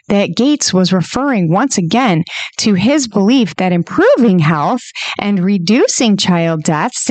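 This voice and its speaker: A woman hosting a podcast, talking casually and incredulously, often laughing and breaking into high exclamations. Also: a little mellow, no room sound. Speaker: podcast host. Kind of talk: casual commentary monologue.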